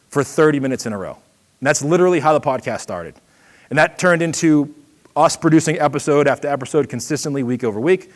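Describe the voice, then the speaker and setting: A middle-aged man from Boston with a Boston accent, giving a quick, energetic, conversational seminar talk. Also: medium pitch. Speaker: seminar presenter. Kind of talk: trade show seminar talk.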